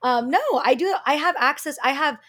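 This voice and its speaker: A woman's voice: sits high, a little fast, a bit bright. A woman co-hosting a podcast, talking emphatically and reassuring her co-host. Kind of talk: casual chat.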